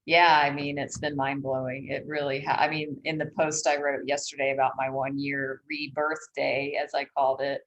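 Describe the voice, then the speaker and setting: A woman's voice: rumbling low, level tone, moderate pace, few pauses, a bit bright, lo-fi sound. A woman co-hosting a podcast, talking casually and enthusiastically, with lots of "like" and "oh my God". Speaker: podcast co-host. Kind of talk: casual conversation.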